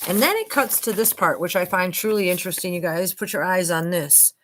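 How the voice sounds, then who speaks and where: A woman's voice: fairly low pitch, a little fast, few pauses, a bit bright, a little hiss or hum. An older woman vlogger giving casual commentary on documents, chatty and emphatic, often addressing viewers as "you guys".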